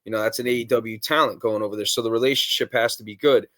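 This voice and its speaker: A man's voice: mid-range voice, fairly even intonation, quick pace, fairly bright tone. A man hosting a wrestling podcast, talking in casual, blunt chat and swearing freely. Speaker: podcast host.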